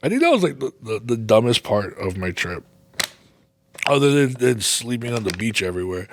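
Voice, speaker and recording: A man's voice: mid-range voice, very animated, normal speed, slight background noise. A man hosting a podcast, telling a rambling casual story full of swearing and laughing at himself. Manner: rambling, heavy swearing, laughs at his own stories. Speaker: podcast host.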